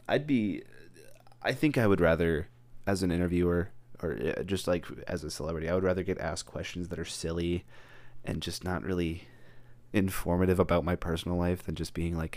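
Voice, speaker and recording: Young man, very low voice, dry close sound, casual joking rambles. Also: normal speed, a little mellow, no room sound. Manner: joking, goes off on tangents, acts out mock interviews. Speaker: vlogger.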